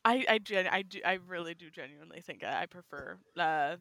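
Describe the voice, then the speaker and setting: A woman's voice: on the low side, animated, brisk, a bit bright. A young woman co-hosting a casual podcast chat, enthusiastic and earnest, laughing easily. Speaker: podcast co-host.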